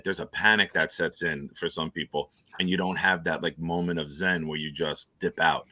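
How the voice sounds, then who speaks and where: A man with a very low, bright-edged voice hosts a casual chat. He rambles through stories and breaks into laughter easily. The sound is close and dry. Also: steady tone, normal speed, hardly any pauses, no room sound. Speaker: host.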